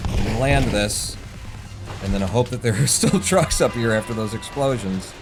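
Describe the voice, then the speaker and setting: A man's voice: lowish voice, moderate pace. A man streaming a speedrun, commenting on his play while swearing and talking to himself. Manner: swears often, mutters running self-talk. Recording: game music under voice.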